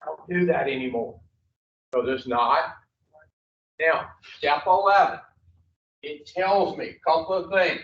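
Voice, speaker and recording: A man's voice: fairly high pitch, a little slow, pauses often, fairly bright tone. A man teaching an addiction recovery class, blunt and profane, quizzing the group and drawing answers back from them. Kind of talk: classroom teaching with call-and-response. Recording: echoey room, far from the mic, dull lo-fi.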